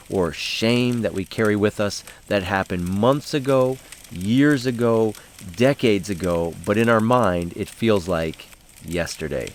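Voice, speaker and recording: A man hosting a casual devotional talk, telling a story with fillers, then slowing down and softening to make reflective points. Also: fairly low pitch, slight background noise. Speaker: host and Bible study leader.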